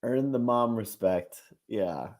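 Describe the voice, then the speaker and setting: A man's voice: medium pitch, takes it slowly, darkish tone. A man co-hosting a casual reaction podcast, talking animatedly, laughing often and acting out quotes in exaggerated voices. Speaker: podcast co-host.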